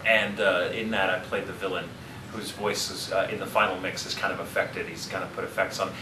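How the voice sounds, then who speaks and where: A man in his thirties, a voice actor answering fan questions at a convention panel, talking in an animated, joking way and wandering off into tangents. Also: low-pitched, brisk. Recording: roomy, distant, noisy audience recording.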